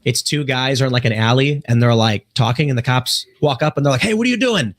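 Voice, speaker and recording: A man hosting a talk show. He reads out viewer messages and tells stories in an animated way, acting out the lines of the people in them. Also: medium pitch, brisk. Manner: animated storyteller who acts out quoted lines. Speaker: host reading super chats. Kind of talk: podcast conversation.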